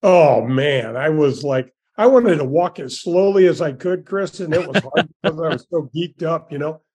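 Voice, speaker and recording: Folksy sixties male guest, warm dark timbre, slightly high voice, eager anecdotes. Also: expressive, moderate pace, slightly rough. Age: 60s. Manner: folksy and enthusiastic, many restarts. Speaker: guest, former tour golfer. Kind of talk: storytelling interview.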